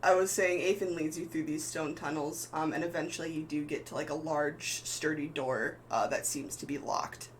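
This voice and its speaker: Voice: mid-range voice, fairly even intonation, normal speed, few pauses, slight background noise, poor audio. A game master narrating a live tabletop game in a loose, rambling way with many fillers.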